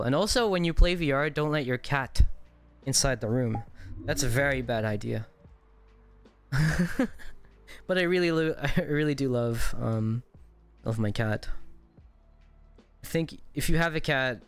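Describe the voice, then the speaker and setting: A man's voice: mid-range voice, smooth. A man streaming from home in VR, chatting loosely, swearing often and laughing easily. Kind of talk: casual livestream chat. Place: home room while playing VR.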